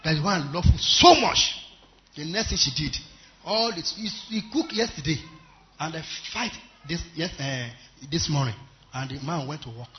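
Emphatic Nigerian preacher, muffled. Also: male voice, on the high side, moderate pace, a little hiss or hum. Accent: Nigerian English. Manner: emphatic, swings between loud exhortation and quiet storytelling. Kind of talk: sermon. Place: church service. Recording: muffled recording.

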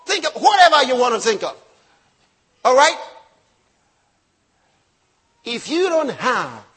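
A man preaching a sermon with emphatic delivery, rising to shouts and acting out quoted voices. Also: very high-pitched, husky. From not raised locally; born in another country.

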